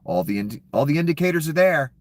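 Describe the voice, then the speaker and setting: A man's voice: fairly high pitch, very animated, quick pace. A man delivering an angry, profane political rant. He is scornful and sarcastic, and he stops to read headlines aloud. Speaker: political commentator.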